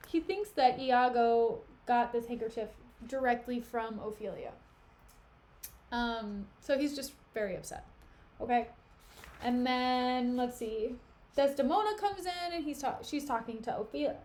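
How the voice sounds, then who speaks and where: A woman's voice: a little high, measured pace, dark tone. A woman streamer casually retelling a classic play in a slangy, chatty way, with fillers and asides.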